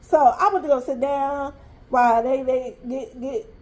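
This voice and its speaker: High-voiced woman, emphatic storyteller. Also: unhurried. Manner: animated, emphatic, exasperated storytelling. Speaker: mother telling a story. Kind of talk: storytime vlog.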